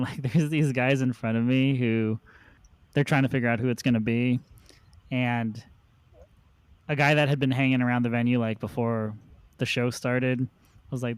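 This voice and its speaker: A man's voice: mid-range voice, clear, resonant tone, no echo. A man hosting a podcast, telling long rambling anecdotes in a casual chat. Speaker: podcast host.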